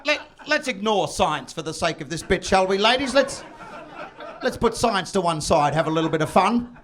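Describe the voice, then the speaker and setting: A man doing a stand-up comedy set, brash and loud, bursting into shouts and mock voices. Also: high-pitched, big pitch swings, normal speed. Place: comedy venue with audience.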